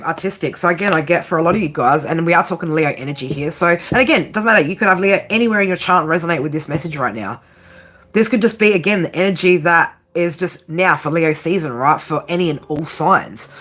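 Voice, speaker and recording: A woman's voice: sits low, a bit bright. A woman tarot reader giving a blunt, profane pep talk, peppering her lines with "right?" and "okay?". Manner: repeats "right?" and "okay?" constantly. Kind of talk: tarot reading monologue.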